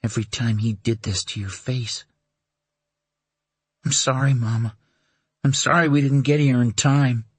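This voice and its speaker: A man's voice: mid-range voice, fairly even intonation, unhurried, pauses often, husky, no room sound, pitched above the performer's own voice. A man reading an audiobook, voicing a traumatized young son whose voice turns hard and cold. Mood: bitter. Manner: pleading, then hard and cold. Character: traumatized young son, boy, fierce and grieving. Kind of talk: audiobook character voice.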